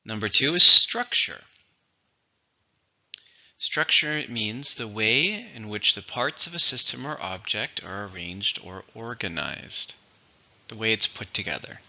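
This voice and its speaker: A man teaching English vocabulary, explaining words slowly and clearly in a teacherly way. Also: on the low side, big pitch swings, pushed and bright, dull audio. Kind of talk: vocabulary lesson.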